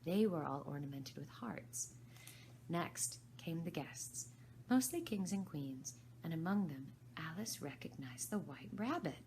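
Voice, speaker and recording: Low gravelly woman reading a storybook. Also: animated, slight background noise. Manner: gentle, unhurried, drops to soft whispers. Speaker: volunteer reader. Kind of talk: storybook narration.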